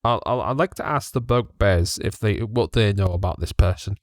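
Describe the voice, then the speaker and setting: A man's voice: fairly low pitch, normal speed, no room sound, clean studio sound. Chatty man at a tabletop game. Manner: chatty, restarts and fillers, probing questions. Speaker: player. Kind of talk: casual in-character tabletop play.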